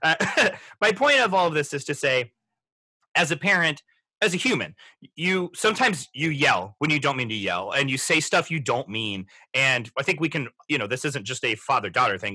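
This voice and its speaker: A man in his thirties hosting a podcast, reflecting in a halting way with many restarts as he talks through a film. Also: mid-range voice, lively intonation, bright, forceful tone, husky, no room sound. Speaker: podcast host. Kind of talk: casual movie discussion.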